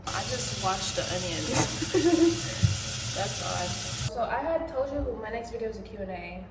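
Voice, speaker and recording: A woman's voice: medium pitch, animated, unhurried, roomy sound, very noisy. A young pregnant woman chatting casually while she cooks in her home kitchen, rambling and laughing often. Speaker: vlogger.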